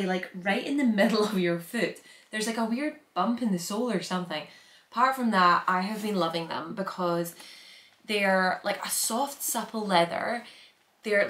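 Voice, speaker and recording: A young Scottish vlogger chats casually through a packing vlog, rambling with lots of filler words. Her mid-range voice is a bit bright, and the sound is reverberant.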